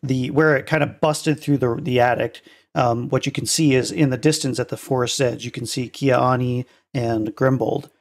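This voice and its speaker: A young man narrating a tabletop game as game master, halting with many ums and uhs. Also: mid-range voice, vocal fry, darkish tone.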